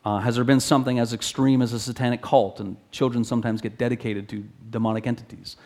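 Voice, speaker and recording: A man preaching an expository sermon in an earnest teaching manner, often restarting phrases and rising in pitch when he reads scripture aloud. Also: little pitch movement, fast talker, creaky, a little mellow.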